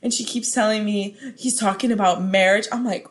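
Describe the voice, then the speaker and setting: A woman's voice: medium pitch, fairly quick. A young woman hosting a podcast, telling stories in casual chat with lots of giggling. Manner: giggly, animated storytelling. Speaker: podcast host.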